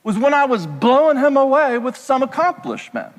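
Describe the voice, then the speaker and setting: A pastor delivering a sermon in a conversational way, throwing rhetorical questions at the congregation. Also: male voice, extremely high pitch, very animated, normal speed. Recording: echoey hall reverb.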